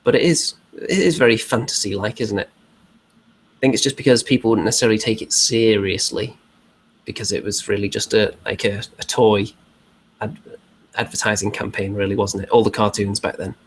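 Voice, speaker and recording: Male co-host, lowish voice, chatty and loose, faint noise behind. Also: moderate pace. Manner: chatty, rhetorical asides. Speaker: podcast co-host. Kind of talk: casual chat.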